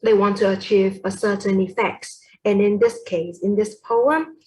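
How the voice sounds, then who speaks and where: A young woman with a Vietnamese accent presents a poetry lesson at a slow, careful pace. She is hesitant, pausing on fillers and stopping to correct herself, and her pitch sits mid-range. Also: steady tone, darkish tone, low-quality recording.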